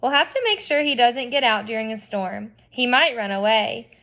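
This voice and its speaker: A woman reading the lines of a kindly small-town preacher in a gentle, reassuring tone. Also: on the high side, normal speed. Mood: caring.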